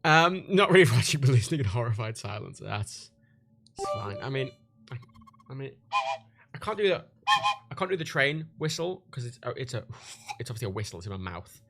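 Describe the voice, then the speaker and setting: A British man livestreaming in loose, crude chat that keeps doubling back on itself. His voice swings widely in pitch, and his tone is bright and forceful. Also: big pitch swings, a little fast, vocal fry, pauses often, soft background music. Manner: rambling, crude, self-interrupting.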